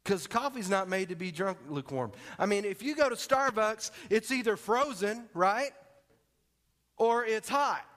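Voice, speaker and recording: Joking pastor preaching. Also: male voice, sits high, animated, a little slow. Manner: conversational and joking, drops to quiet emphasis. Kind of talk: sermon.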